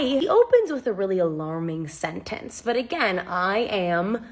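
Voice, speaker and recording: A young adult woman telling a funny story in casual storytime style. Her delivery is animated, wry and self-mocking. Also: mid-range voice, a little slow, few pauses, breathy edge.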